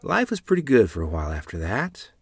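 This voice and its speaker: A man's voice: deep voice, wildly swooping pitch, brisk, faint music behind. A man narrating a family memoir aloud in a plain, earnest reading.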